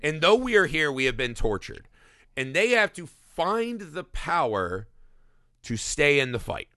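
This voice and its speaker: Male podcast co-host, bright and lively delivery, dry close mic, swears freely and voices the quotes himself. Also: a little high, a little slow, dry recording. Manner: animated, profane, acts out quoted lines. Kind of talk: casual movie review chat.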